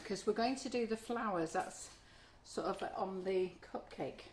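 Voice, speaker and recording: In her home kitchen, a middle-aged woman chats in a friendly way as she works through a live online cake-decorating demo. Her mid-range voice keeps a moderate pace, with slight background noise.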